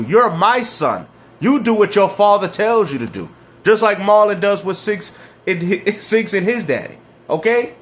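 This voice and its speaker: A man reacting to clips and ranting about video games, mocking and slangy, laughing at his rivals. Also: high-pitched. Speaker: gaming commentator.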